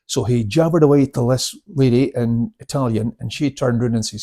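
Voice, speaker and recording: A man's voice: medium pitch, a little fast, few pauses, warm tone. A man in his seventies, a karate instructor, telling stories in a casual interview, chatty and laughing, with many restarts. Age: 70s.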